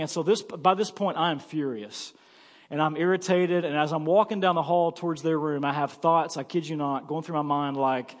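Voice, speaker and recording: High-voiced pastor in reverberant church. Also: male voice. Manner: storytelling, animated, joking. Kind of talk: sermon. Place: church sanctuary. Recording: long church-hall reverb.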